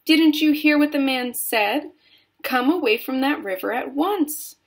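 Storybook voice: a shrill, worried mother, high and scolding, put on by a woman reader. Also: unhurried, creaky.

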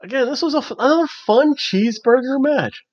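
Animated, high-voiced male reviewer. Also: fairly quick, no echo. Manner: animated, chatty, many fillers. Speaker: wrestling reviewer, host. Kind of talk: casual review chat. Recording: dull, dry lo-fi recording.

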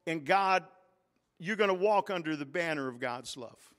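High-voiced man preaching in a reverberant sanctuary. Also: expressive, slow pace, a bit bright. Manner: preaching with call-and-response, rising to emphatic peaks. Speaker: pastor. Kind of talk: sermon. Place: large church sanctuary.

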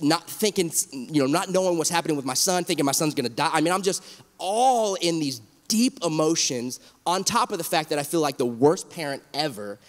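Man, 30s, pastor; earnest and emotional, slightly high voice, long hall reverb. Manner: earnest and emotional, with halting restarts. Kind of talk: heartfelt panel discussion.

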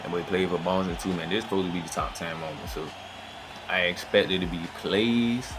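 A man's voice: low-pitched, steady tone, brisk, noisy background. A man hosting a reaction video, talking in loose slangy chatter and often asking if you feel him. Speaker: reaction channel host. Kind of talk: casual reaction commentary. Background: music playing.

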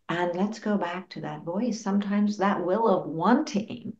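A woman psychologist answering interview questions in an earnest, gently explanatory way, acting out little quotes. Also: mid-range voice, moderate pace, hardly any pauses. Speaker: clinical psychologist guest. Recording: roomy, dull lo-fi sound.

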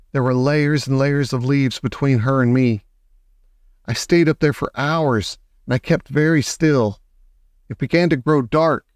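A man narrates a children's novel in a measured, dramatic storytelling manner. His voice is smooth and resonant at a middle pitch. The recording is close and dry, with no room sound. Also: dry recording. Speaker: audiobook reader. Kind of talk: scripted narration.

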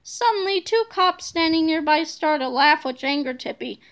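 A woman reading a children's chapter book aloud with expressive, animated storytelling. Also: high voice, moderate pace. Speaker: reader.

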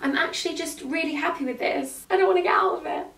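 A young woman in her twenties, chatting to camera as a vlogger, gushing and excitable. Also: very high-pitched, fast, creaky. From England. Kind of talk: casual chat to camera. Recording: echoey room from a distance off the mic.

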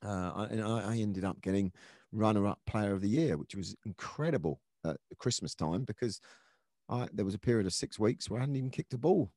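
A man's voice: on the low side, a little fast, darkish tone, no echo, studio quality. A middle-aged man, a former footballer, telling his career story in an earnest, reflective way with many restarts. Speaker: former footballer, podcast guest. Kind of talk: conversational storytelling interview.

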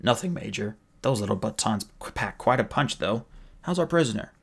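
A man playing a gravelly, menacing bodyguard. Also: lowish voice, expressive, moderate pace, fairly bright tone, heavily acted. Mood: dry. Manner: blunt, commanding. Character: huge menacing male bodyguard, calm and threatening.

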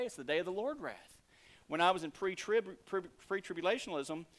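A man, the lead pastor, preaching a sermon with emphatic rises and soft asides. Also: a little high. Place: church sanctuary.

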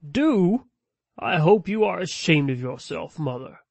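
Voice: mid-range voice, lively intonation, a little slow, gravelly, dry recording. A reader playing a priggish young aristocrat who scolds his mother.

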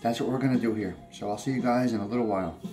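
A man's voice: fairly low pitch, very fast, mellow, faint music behind. A man hosting a casual morning coffee vlog, chatty and rambling with fillers. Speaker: host of a morning coffee show.

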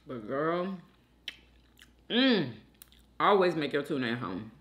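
A woman eats on camera and chats in a slow, unhurried way. Her pitch swings widely, rising and dipping as she hums over each bite. She talks directly to her viewers. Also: very animated, fairly bright tone. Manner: slow, chatty, hums with food in mouth. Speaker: mukbang host. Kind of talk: casual mukbang chat while eating.

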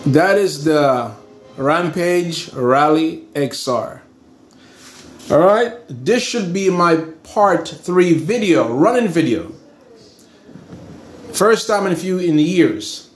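A man's voice: on the high side, lively intonation, slow, soft background music. A frustrated man rambling and restarting as he talks to his viewers about a broken hobby part. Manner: frustrated, rambling, says he is pissed off; hesitant, restarts and fillers, talks to viewers as guys. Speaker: RC hobby vlogger. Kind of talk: casual vlog chat. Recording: echoey room, faint ambience.

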